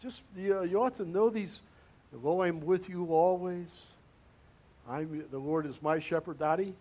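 Male pastor with a high voice, conversational sermon delivery that repeats key words for emphasis. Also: measured pace, mellow. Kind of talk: interactive sermon with congregation.

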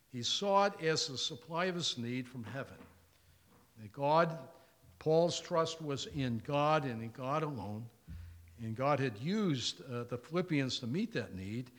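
An older man preaching a sermon as pastor, telling stories and acting out the dialogue in them. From Indiana, USA. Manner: storytelling, acts out dialogue, lively pitch.

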